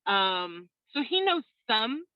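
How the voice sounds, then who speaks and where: A woman's voice: on the high side, slow, no echo, dull audio. Woman telling a story on a video call. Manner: animated storyteller, laughs often. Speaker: interview guest. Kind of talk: casual video call chat.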